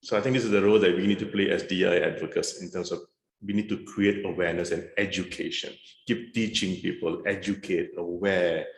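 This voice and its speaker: A man's voice: deep voice, fairly even intonation, brisk, vocal fry, echoey room. A man speaking frankly with dry humour as a guest on a video-call panel. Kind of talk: conversational panel talk.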